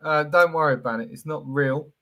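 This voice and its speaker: Bright-voiced man telling jokey stories. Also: on the high side, fairly quick. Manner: jokey, animated storytelling. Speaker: co-host. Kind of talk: casual comedy chat.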